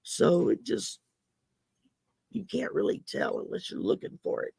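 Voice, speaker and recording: A woman hosting a casual livestream chat, her voice growly from damaged vocal cords, rambling and halting with many fillers. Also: lowish voice, wildly swooping pitch, creaky, mellow, husky, dry recording. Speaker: host.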